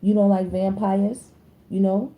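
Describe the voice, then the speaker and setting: A woman, doing a casual tarot reading in a blunt, slangy and animated way. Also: unhurried, phone-quality sound. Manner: animated, slangy, blunt, with sudden high-pitched exclamations. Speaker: tarot reader.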